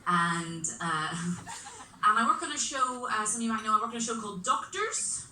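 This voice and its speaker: A woman's voice: on the high side, lively intonation, moderate pace, sharp tone, a little hiss or hum. A woman with a middle-class Belfast accent performing a live stand-up set on a club stage, wry and self-mocking with punchy delivery. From Belfast, Northern Ireland. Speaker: stand-up comedian. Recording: echoey club room from far off.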